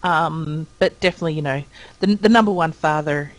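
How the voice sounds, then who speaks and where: A woman's voice: low-pitched, brisk, rough recording. A woman co-hosting a game stream, talking casually and hesitantly. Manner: hesitant, soft-spoken with fillers. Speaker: stream co-host. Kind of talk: casual live-stream chat.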